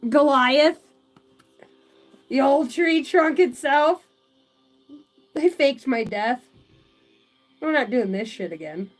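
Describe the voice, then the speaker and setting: Giggly high-voiced woman reading cards. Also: expressive, takes it slowly, long pauses, soft background music. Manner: giggly, swears freely, chatty asides to spirit guides. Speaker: tarot and oracle card reader. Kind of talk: live-stream card reading.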